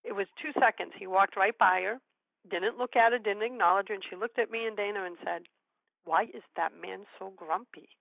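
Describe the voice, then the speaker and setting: An older woman hosting a radio show, telling stories in a gentle, encouraging way. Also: mid-range voice, steady tone, a little fast, vocal fry, dry recording. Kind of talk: casual interview chat. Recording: tinny phone-line sound.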